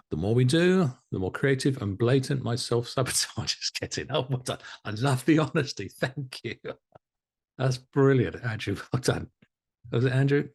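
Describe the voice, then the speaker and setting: A man teaching a live online hypnotherapy class, animated and encouraging, often laughing as he talks to students. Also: medium pitch, breathy edge. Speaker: hypnotherapy instructor.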